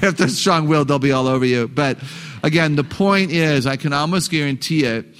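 Male seminar speaker, upbeat and humorous, quizzes the crowd, higher-pitched voice. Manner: animated, joking, asks the audience questions. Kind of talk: live talk to an audience of parents.

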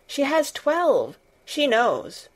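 A woman voicing an anxious, eager little girl who speaks in a halting, tremulous way. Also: sits high, wildly swooping pitch, pitched above the performer's own voice, heavily acted. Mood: pleading.

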